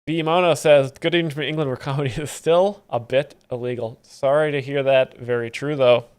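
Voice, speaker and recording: A man talking on his live stream in a smooth, resonant voice, set at an ordinary middle pitch. He delivers absurd explanations in dry, mock-expert deadpan. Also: brisk. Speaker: streamer explaining comedy clips.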